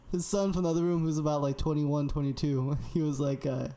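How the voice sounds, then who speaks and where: A man's voice: a little high, fairly even intonation, normal speed, mellow. Laid-back young man telling stories. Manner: laid-back storyteller, laughs often. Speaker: podcast co-host. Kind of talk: casual chat.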